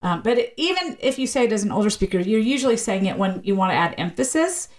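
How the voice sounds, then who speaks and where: A woman speaking as a linguist guest in a casual podcast interview, explaining with lively pitch changes and shifting pace. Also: fast. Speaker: university teacher.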